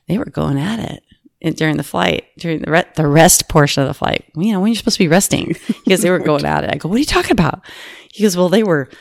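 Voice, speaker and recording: A woman's voice: deep voice, creaky, no echo. A woman who works as a flight attendant, telling a story in casual chat and acting out the other people's lines. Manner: animated, acts out quoted voices.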